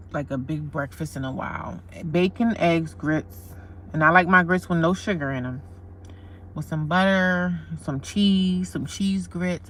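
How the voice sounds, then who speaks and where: A woman speaks with a low-pitched voice while rambling on a livestream from her parked car, repeating herself and calling viewers y'all and honey. Captured through a phone camera, the audio has a little hiss or hum.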